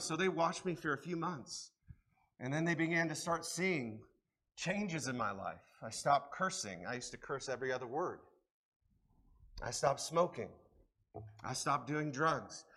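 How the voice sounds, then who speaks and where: A man preaching to a church congregation with a somewhat high voice. He swings between hushed, close-in moments and loud, emphatic declarations, and he leans on repeated rhetorical questions. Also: animated, moderate pace. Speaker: pastor. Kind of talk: sermon with personal testimony. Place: church service.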